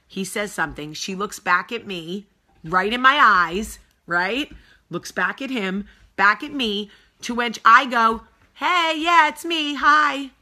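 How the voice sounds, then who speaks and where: A middle-aged woman hosting a casual vlog, telling a story in a blunt, animated, sassy way. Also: medium pitch, unhurried. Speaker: host.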